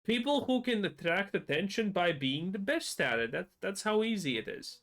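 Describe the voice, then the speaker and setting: Lively, high-voiced mocking male streamer. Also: moderate pace. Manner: mocking, profane, swings up high when excited. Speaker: streamer reacting to a video. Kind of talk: casual reaction commentary.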